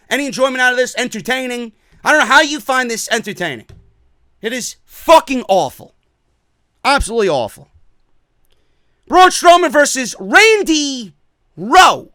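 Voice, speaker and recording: A man's voice: very high-pitched, bright, forceful tone, dry recording, studio quality. A man ranting his way through a wrestling show review, profane and sarcastic.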